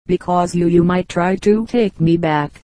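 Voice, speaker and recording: A woman's voice: fairly low pitch, unhurried, warm tone, no echo, lightly acted. Woman reading as a wary runaway boy. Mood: guarded. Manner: short, guarded replies. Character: hungry runaway schoolboy, wary and polite.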